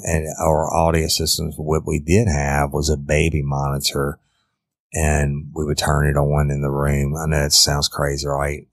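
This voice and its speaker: A middle-aged former detective, telling a case story in a blunt, profane, casual way. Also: male voice, rumbling low, no echo, studio quality. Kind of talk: casual true-crime storytelling.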